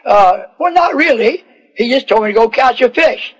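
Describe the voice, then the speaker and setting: A man's voice: very high voice, animated, moderate pace. A man voicing a humble, puzzled fisherman disciple who talks in a plain, folksy, earnest way.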